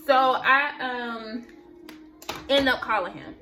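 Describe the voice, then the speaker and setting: A woman's voice: on the low side, animated, measured pace, a bit bright, soft background music. Chatty young woman telling a story. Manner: chatty, rambling, addresses viewers as girl and y'all. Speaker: vlogger. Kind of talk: casual storytelling while doing makeup.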